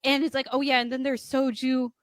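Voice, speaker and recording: A woman's voice: high-pitched, little pitch movement, fairly quick, dry recording, clean studio sound. A young woman from Florida with a Southern accent, telling stories and laughing in casual podcast chat. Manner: laughing, storytelling, slangy. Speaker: podcast co-host.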